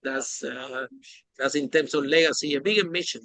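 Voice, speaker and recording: Excitable man hosting a podcast. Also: a little high, normal speed, dry recording, rough recording. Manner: animated, emphatic, non-native phrasing. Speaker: podcast host. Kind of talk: casual interview chat.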